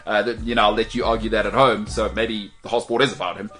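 A man's voice: lowish voice, fairly even intonation, fast talker, fairly bright tone, faint music behind. A man hosting a podcast, bantering playfully and teasing his co-hosts. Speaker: show host.

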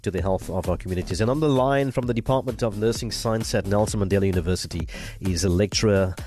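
A man co-hosting breakfast radio, introducing a guest in a lively, jokey manner. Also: lowish voice, fast talker, faint music behind. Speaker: radio co-host.

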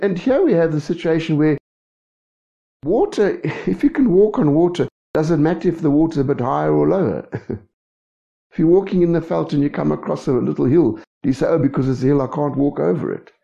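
Gravelly preacher, lively delivery. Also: male voice, fairly high pitch, moderate pace. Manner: keeps checking in with the congregation. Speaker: pastor. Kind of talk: sermon. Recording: dull lo-fi recording.

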